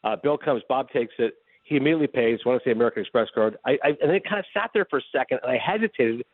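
Male radio guest on the phone, quick animated storyteller, tinny dry line. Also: medium pitch, dry recording. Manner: animated, fast anecdote telling with acted-out dialogue. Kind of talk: casual storytelling chat.

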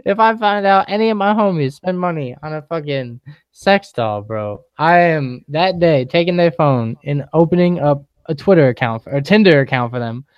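A man's voice: on the high side, lively intonation, normal speed, clear, resonant tone, dry recording, muffled recording. A young man co-hosting a casual chat podcast, swearing freely and laughing through his jokes. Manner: laughing, profane, acts out silly voices. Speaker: podcast co-host.

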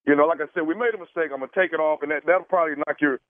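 A man's voice: fairly high pitch, racing, no echo, natural voice. A man playing a fumbling male caterer on a prank call, hesitant and full of stammers. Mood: sheepish. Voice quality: hesitant, stammering with many uhs. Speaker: radio prank caller. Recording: tinny phone line.

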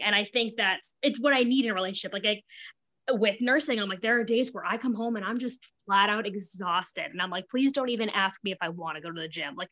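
Brief: young adult woman, chatty guest, lively anecdotes with acted-out quotes, bright higher pitch. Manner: animated storytelling, laughs often, acts out quotes. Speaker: podcast guest. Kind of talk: casual chat.

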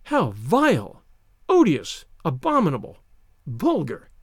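A man's voice: high voice, big pitch swings, a little fast, dry recording, studio quality, voice pushed up. A man voicing a vain, flighty young woman. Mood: distressed. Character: young woman, vain, easily swayed, then ashamed.

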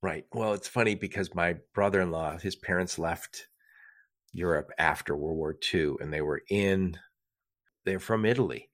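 A middle-aged man with a low voice hosts a podcast interview. He keeps it chatty and laughs easily between his questions. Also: moderate pace. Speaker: podcast host.

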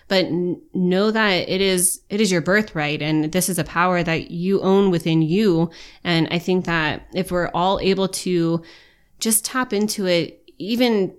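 A woman's voice: on the low side, clear, resonant tone. A woman podcast host and coach talking earnestly and encouragingly straight to her listeners. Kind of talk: reflective podcast talk to listeners.

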